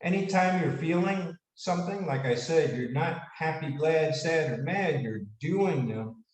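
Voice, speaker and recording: Animated man lecturing in an echoey room. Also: a little high, measured pace. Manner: animated, casual, asks the audience questions. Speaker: speaker giving a leadership talk. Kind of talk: motivational lecture. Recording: echoey room, mic at a distance.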